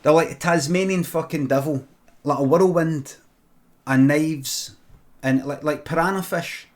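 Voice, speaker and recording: A man's voice: fairly high pitch, a little slow. A Scottish man improvising a comic story, rambling and swearing freely as he digresses. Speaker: streamer.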